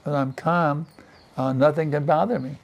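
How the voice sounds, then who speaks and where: Older man with a gravelly voice giving a class. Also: on the high side, steady tone, normal speed. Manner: conversational, repeats "isn't it" and "you see", laughs often. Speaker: spiritual teacher giving a class. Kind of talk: scripture class sermon. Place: temple in Vrindavan.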